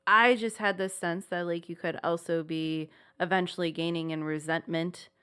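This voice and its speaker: A woman's voice: lowish voice, steady tone, moderate pace, bright, forceful tone, clear, resonant tone. A woman chatting as a podcast co-host. She rambles in a reassuring way, circling her point and leaning on little fillers as she talks. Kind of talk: casual chat.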